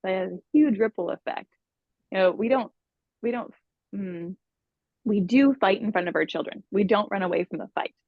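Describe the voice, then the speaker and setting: A woman relationship coach, a guest on a podcast, telling stories in a lively, conversational way. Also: medium pitch, moderate pace, long pauses, dry recording, highs cut off. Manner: expressive, conversational storyteller.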